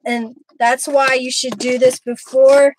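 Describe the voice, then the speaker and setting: Bubbly high-voiced woman crafting live. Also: little pitch movement, unhurried, slight background noise. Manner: friendly, talks to viewers by name while working. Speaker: craft live stream host. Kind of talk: chatty live crafting demo.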